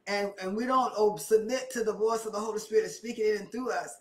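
A woman's voice: mid-range voice, steady tone, fairly quick. A woman preaching a sermon with impassioned, repetitive emphasis that rises and presses her points. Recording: echoey room, mic at a distance.

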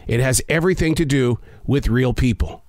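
A man hosting a reflective spoken-essay show from a home studio, talking in a slow, measured, emphatic way with dramatic pauses. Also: mid-range voice, a little mellow, dry recording. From North Carolina. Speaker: podcast host.

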